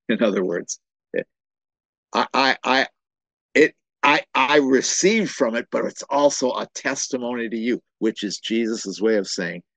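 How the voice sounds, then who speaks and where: A man's voice: lowish voice, moderate pace, no echo. A man preaching a sermon as pastor, impassioned, often repeating words as he builds to a point.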